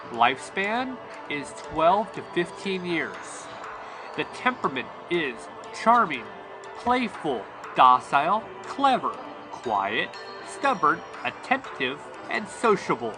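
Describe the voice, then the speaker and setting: A man hosting a podcast in casual chat. He rambles with restarts and laughs often. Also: a little high. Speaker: podcast host.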